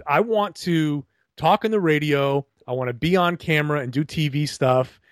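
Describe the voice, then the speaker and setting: A man's voice: a little high, normal speed, dry recording. Chatty man with a trained broadcast voice. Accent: neutral General American, trained. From Rhode Island. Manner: chatty, animated storytelling with restarts. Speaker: guest, broadcaster and blogger. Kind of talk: casual podcast interview.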